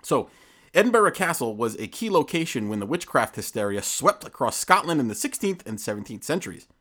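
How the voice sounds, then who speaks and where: A male podcast co-host who tells stories in a loose, joking way. His pitch swings widely as he reads through his notes. It is casual chat between friends. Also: big pitch swings, brisk, fairly bright tone. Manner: jokey storytelling, reads from notes.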